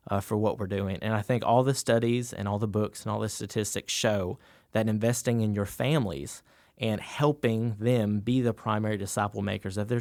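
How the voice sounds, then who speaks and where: A man, a youth pastor, explaining his thoughts calmly in a podcast discussion. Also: on the low side, no room sound.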